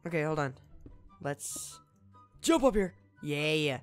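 Bright-voiced goofy young gaming host. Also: male voice, fairly high pitch, animated, normal speed, soft background music. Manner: goofy, exclamatory, with whispered sneaky asides. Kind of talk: let's play commentary.

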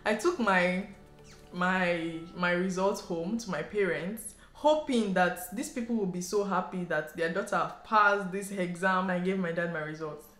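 A woman from Nigeria with a Nigerian English accent, telling a story to camera in a chatty, animated way and sprinkling in local slang. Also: lowish voice, unhurried. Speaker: vlogger. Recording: roomy echo, faint background music.

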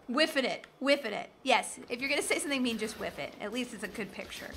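A woman's voice: on the high side, expressive, rapid-fire, hardly any pauses, bright, forceful tone. A woman from the southern United States giving chatty, jokey commentary while playing a video game. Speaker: gaming streamer. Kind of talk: casual gameplay commentary.

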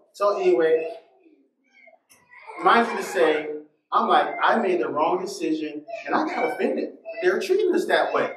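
Another animated pastor, male and high-voiced, preaches in an echoey church sanctuary, laughing as he tells personal stories and acts out quotes within his sermon. A distant mic produces roomy echo, plus a little hiss or hum.

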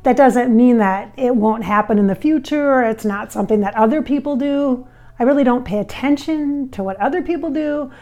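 Chatty Midwestern-raised woman, higher voice. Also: moderate pace, mellow. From American Midwest. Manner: chatty and reassuring, with fillers and restarts. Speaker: spiritual channeler answering viewer comments. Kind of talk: casual talk to camera. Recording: recorded on a microphone.

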